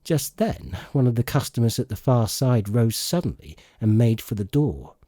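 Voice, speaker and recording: A man narrating an audiobook in slow, expressive storytelling. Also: medium pitch, no echo, studio quality. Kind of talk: scripted narration.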